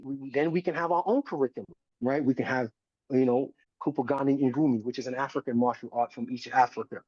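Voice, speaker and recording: With a slightly high, somewhat mellow voice and no echo, a forties-aged American community educator speaks passionately as a podcast guest. He's emphatic, a little preachy and constantly adds "right?", and the audio is dull, dry and lo-fi.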